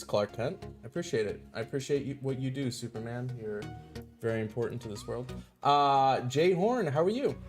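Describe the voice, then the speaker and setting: Male game streamer, casual live chat, slightly raised pitch, upbeat and talkative, soft music under him. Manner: upbeat, chatty, greets viewers by name.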